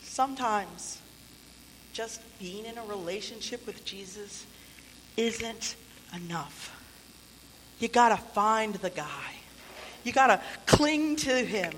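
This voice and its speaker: A woman's voice: medium pitch, lively intonation, slow, long pauses, a little hiss or hum. Woman preaching in a reverberant church. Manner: conversational, playful asides, acted-out quotes. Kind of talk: sermon. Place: church sanctuary. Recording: long hall reverb.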